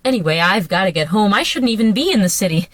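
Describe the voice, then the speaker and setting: A woman rehearsing the part of a nervous married woman who talks in a rushed, breathless way, in the front seat of a car. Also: medium pitch, expressive, no echo, lightly acted. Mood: flustered. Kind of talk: solo line rehearsal.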